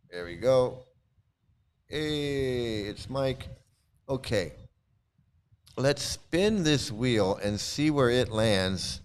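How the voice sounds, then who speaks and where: A man hosting a casual commentary video, talking in an animated, mocking way that jumps into high exclamations. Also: slight background noise. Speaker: commentary host.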